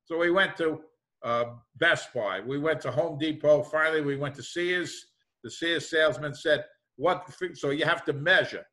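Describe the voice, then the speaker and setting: Middle-aged male business professor on a video call; bright, slightly high voice, loose conversational lecture style. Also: moderate pace. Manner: conversational, repeats "thing like that", worked examples.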